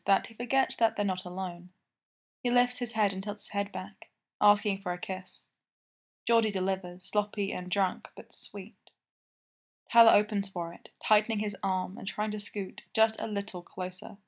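A woman narrating a story aloud at a middle pitch. Her reading is even and intimate, moving steadily through the text. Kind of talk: scripted narration.

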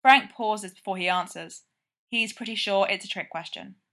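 A woman's voice: medium pitch, moderate pace, bright, forceful tone. A woman reading fan fiction aloud in a casual, conversational way. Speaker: reader.

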